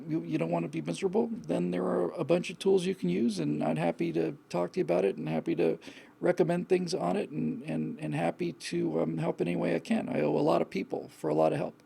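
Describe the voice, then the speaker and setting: A man's voice: on the high side, vocal fry, dark tone, husky. A man hosting a live call-in show, giving blunt, frank advice in a rambling way with many restarts. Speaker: host.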